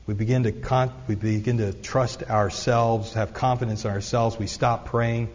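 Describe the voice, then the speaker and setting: A pastor preaches a sermon in a church sanctuary, his mid-range, darkish voice moving at a moderate pace with fairly even intonation. He's earnest and conversational, often making asides to the congregation, and the recording is lo-fi and dull in an echoey hall.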